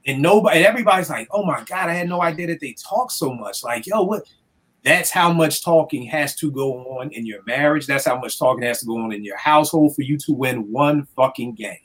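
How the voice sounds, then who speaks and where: A man's voice: on the high side, brisk, slightly rough. A man from the DC area, a youth counselor telling stories in a casual podcast chat, acting out what people said and swearing freely. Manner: animated storyteller acting out quotes, swears freely. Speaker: youth counselor and music producer.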